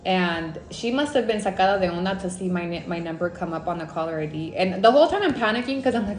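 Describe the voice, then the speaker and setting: Animated woman telling a story in an echoey room. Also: on the low side, fast talker, few pauses. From Mexico. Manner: animated, slips into Spanish words. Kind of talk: casual storytime on a live stream.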